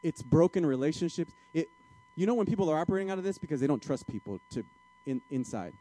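A male pastor preaching in a conversational way, his voice mellow and warm. He sits a little higher in pitch than most men. He shifts between quiet, confessional asides and emphatic appeals to the congregation. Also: expressive, fast. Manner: conversational, starts soft and confessional, grows emphatic and exhorting. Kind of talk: sermon.

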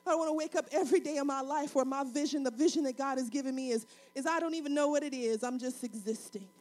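A woman pastor with a strikingly high voice delivers a sermon. She preaches in a rhythmic, repetitive cadence and pushes into fervent appeals. She sounds middle-aged. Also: quick pace, a little mellow.

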